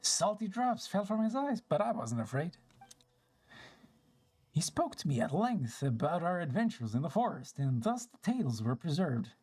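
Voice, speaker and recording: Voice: medium pitch, big pitch swings, normal speed, a little mellow, husky. A streamer doing an old forest spirit. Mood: wistful. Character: ancient wistful little forest spirit. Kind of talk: reading game dialogue aloud.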